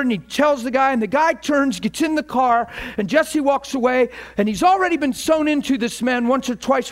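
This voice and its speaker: A man giving an informal sermon, telling stories with repeated words and rising to excited peaks. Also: very high voice. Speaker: preacher.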